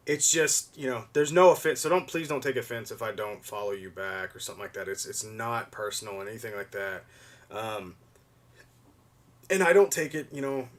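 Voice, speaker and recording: A young man hosting a livestream, chatting loosely to viewers with many fillers and restarts, often gushing with excitement. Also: medium pitch. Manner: rambling, lots of fillers and restarts, gushes with excitement. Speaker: livestream host. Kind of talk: casual stream chat to viewers.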